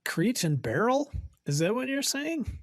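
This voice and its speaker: A man co-hosting a casual comedy podcast, delivering dry, deadpan jokes. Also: extremely high pitch, no echo. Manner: dry, deadpan jokes, drawn-out name reading. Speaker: podcast co-host. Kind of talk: casual chat.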